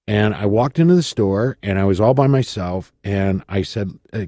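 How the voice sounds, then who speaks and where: This middle-aged Michigan radio personality has a lowish, darkish voice and speaks a little slowly but with animation, on a dry recording. Appearing as a guest in a studio interview, he tells his story dramatically and performs the voices of the people he quotes.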